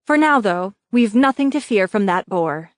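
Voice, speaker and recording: The narrator voices a composed young heroine leading her village in a fantasy audiobook. She speaks steadily and with quiet authority. The sound is close and dry. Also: mid-range voice, animated, normal speed, no echo, lightly acted. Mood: reassuring. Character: calm, commanding young woman leader.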